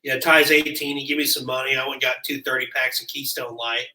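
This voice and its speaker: A young man from Kansas chiming in on a shared story, boastful and quick with quips. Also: medium pitch, little pitch movement, sharp tone. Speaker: guest, rodeo cowboy. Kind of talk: casual storytelling. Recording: roomy sound from a distant mic.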